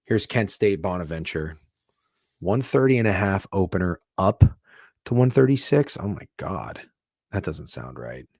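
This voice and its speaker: A man hosting a sports betting show, talking casually, swearing freely and swinging from hushed asides to loud bursts. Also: low-pitched, big pitch swings, a little slow, no room sound, clean studio sound. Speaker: sports betting podcast host.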